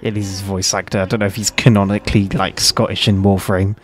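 A man's voice: on the low side, flat delivery, fast talker, a little hiss or hum. A man casually commenting on his gameplay, joking and swearing at a desk microphone. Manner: joking, swearing, reacting freely. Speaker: streamer.

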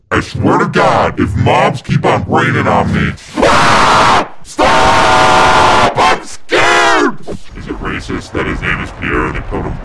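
A man yelling and cursing in frustration while playing video games, his voice run through a demonic filter. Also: lowish voice, vocal fry. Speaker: gamer. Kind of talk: rage-filled gameplay commentary.

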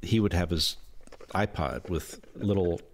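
A man's voice: low voice, unhurried, slight background noise. A man co-hosting a podcast, chatting casually and telling anecdotes with frequent laughter. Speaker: podcast co-host. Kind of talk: casual chat.

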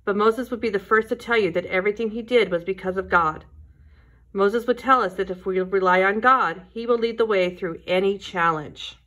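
A woman teaching a Sunday school lesson, telling a Bible story to children in a gentle storytelling way. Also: medium pitch, moderate pace.

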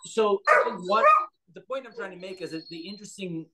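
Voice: medium pitch, brisk. A medical professional on a panel gives an unscripted answer in a hesitant way, full of fillers and restarts. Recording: loud background noise with dog barking.

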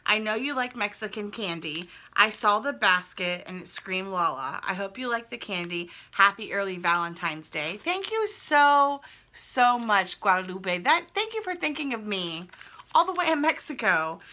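Opening fan mail at home, a young adult woman chats casually, gushing and musing aloud in an animated, mid-range voice that's pushed and bright, at a moderate pace.

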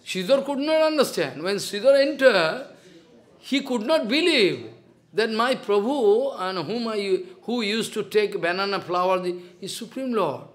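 A man's voice: high voice, expressive, unhurried. A man with an Indian accent, a spiritual teacher telling a devotional story in simple, broken English and acting out the dialogue.

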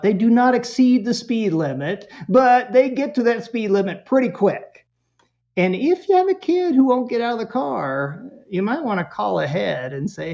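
A man speaking as a parenting expert guest in a casual interview, telling animated, humorous stories. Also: sits high, normal speed, vocal fry, highs cut off.

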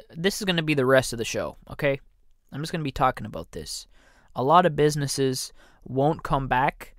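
A man hosts a meandering comedy podcast in an unhurried, drawn-out delivery. He jokes, cuts himself off mid-thought, and slips into silly mock voices. The sound is close and dry, with no room behind him. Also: a little high, fairly bright tone, dry recording. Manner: joking, self-interrupting, slips into mock voices. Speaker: podcast host. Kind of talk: rambling comedic monologue.

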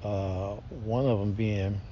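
A man's voice: steady tone, takes it slowly, mellow. A man talking casually in a rambling, slangy way, full of fillers and restarts. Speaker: podcast host. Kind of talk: casual monologue. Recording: dull lo-fi sound with faint rumble.

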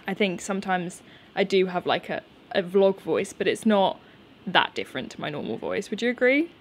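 A woman's voice: mid-range voice, animated, moderate pace, breathy edge. Chatty woman vlogging outdoors. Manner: chatty, laughs often, nervous energy. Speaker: YouTuber answering viewer questions. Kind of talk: casual unscripted chat. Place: outdoors in her garden.

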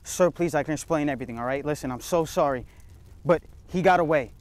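A man's voice: fairly high pitch, fast talker, a little hiss or hum, close to an everyday voice. A man doing a stammering, pleading officer. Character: nervous male officer apologizing to his boss. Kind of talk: amateur short film acting.

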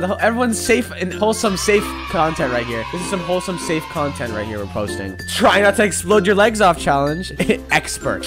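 A man giving casual, sarcastic gameplay commentary, joking around and breaking into sudden high squeals and shouts. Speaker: gaming commentator. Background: game music.

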